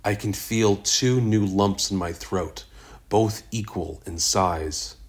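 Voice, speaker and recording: Low, slow-reading male narrator. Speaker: audiobook narrator. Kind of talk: first-person story narration.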